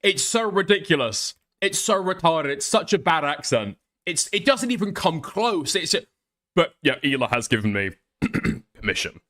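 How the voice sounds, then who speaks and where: A man's voice: a little high, very animated, normal speed, a bit bright. A man hosting a commentary stream, rambling and swearing with laughing asides. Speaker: streamer host.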